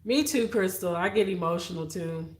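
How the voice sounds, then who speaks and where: A woman's voice: lowish voice, moderate pace, darkish tone, roomy sound. A woman hosting a casual livestream, chatty and heartfelt, talking straight to her viewers. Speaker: livestream host. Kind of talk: casual live-stream chat with viewers.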